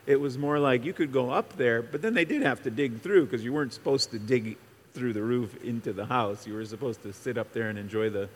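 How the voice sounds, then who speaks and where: A man's voice: medium pitch, fairly quick. Man teaching a casual sermon in a reverberant hall. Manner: casual, rambling, many fillers and restarts. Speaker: pastor or Bible teacher. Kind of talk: conversational sermon. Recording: long reverb of a large hall.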